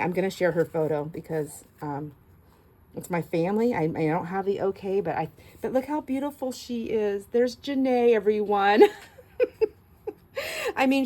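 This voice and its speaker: A middle-aged woman chatting her way through a craft session. Her voice sits at an ordinary middle pitch. She gushes over little things and trips over her words as she talks to her viewers. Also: mellow, rough recording. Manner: chatty and gushing, with frequent laughs and restarts. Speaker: craft channel host. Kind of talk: casual crafting vlog chat.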